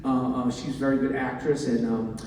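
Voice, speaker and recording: A man's voice: mid-range voice, level tone, a little fast, darkish tone, slight background noise. A man doing stand-up comedy, rambling, with lots of fillers and restarts. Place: large hall with an audience. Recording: echoey hall, mic from far off.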